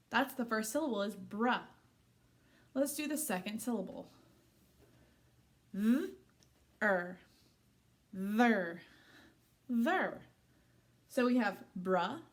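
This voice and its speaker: A young woman teaching a phonics lesson to small children, patiently sounding out letters and syllables and praising each attempt. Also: a little high.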